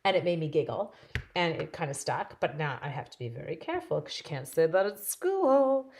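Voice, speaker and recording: A woman with a slightly low voice hosts a live craft session from her home craft table. She chats freely and giggles, answering viewer comments while she stamps and cuts. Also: very animated, normal speed, a little mellow. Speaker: stamping demonstrator hosting a craft livestream. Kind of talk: casual live-stream chat while crafting.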